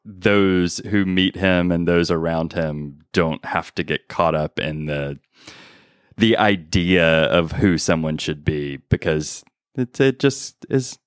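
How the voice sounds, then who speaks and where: Deep, slow, smooth-voiced man. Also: no room sound, clean studio sound. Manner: brief reactions and thoughtful remarks. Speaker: podcast co-host. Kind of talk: casual chat.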